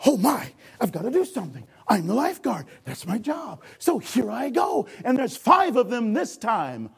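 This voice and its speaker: A man preaching a sermon, addressing the congregation directly and acting out a lifeguard rescue with shouting. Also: extremely high pitch, big pitch swings, normal speed, creaky, few pauses, husky. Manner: calls for audience response.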